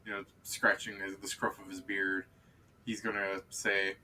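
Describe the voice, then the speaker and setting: A man's voice: low voice, level tone, a little slow, pushed and bright, slight background noise. A man running a tabletop game as game master, narrating loosely with fillers.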